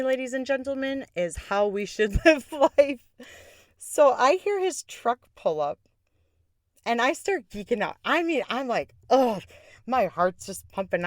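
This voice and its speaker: A woman's voice: on the low side, no echo, studio quality. A woman hosting a podcast, telling a personal story in a candid, sarcastic way, often breaking into laughter. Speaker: podcast host. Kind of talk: casual storytelling.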